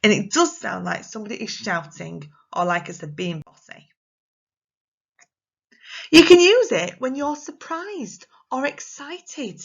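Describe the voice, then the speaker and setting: A woman teaching young children in a recorded lesson, speaking slowly and clearly with an English accent and acting out her examples in an exaggerated, expressive voice. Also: fairly high pitch, lo-fi sound. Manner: slow, clear, encouraging talk to small children. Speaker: primary school teacher.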